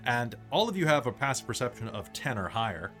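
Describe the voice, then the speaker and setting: A young man running a tabletop game, narrating scenes and rules in a relaxed, rambling way with self-mocking asides. His voice moves up and down a lot while he talks. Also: medium pitch, fast, soft background music. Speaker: game master.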